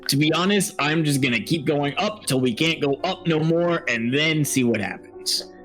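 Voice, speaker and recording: A man's voice: a little high, lively intonation, normal speed, fairly bright tone, faint music behind. A man narrating as game master of a tabletop horror game, often stammering and restarting his sentences.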